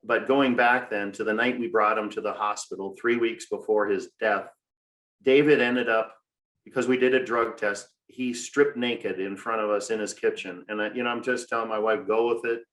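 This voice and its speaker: A grieving father from Minnesota, telling his story in a podcast interview with measured, deliberate storytelling and frequent fillers. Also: on the low side, steady tone, fairly bright tone. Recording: echoey room.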